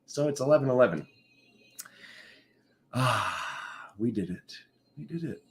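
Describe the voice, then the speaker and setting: Animated man greeting his live viewers. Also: medium pitch, measured pace. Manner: animated, playful, calls out viewers by name. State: just woken up. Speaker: spiritual tarot reader hosting a live stream. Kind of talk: casual live-stream chat greeting viewers.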